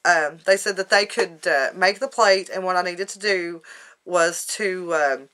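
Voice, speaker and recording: A woman's voice: lowish voice, unhurried, bright, forceful tone. Rambling woman vlogging. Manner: rambling, folksy, emotional. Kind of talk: casual personal video diary.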